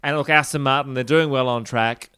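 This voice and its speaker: A man hosting a comedy podcast with a dry, deadpan mock-serious delivery. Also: mid-range voice, a little fast, clean tone, no echo. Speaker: podcast host.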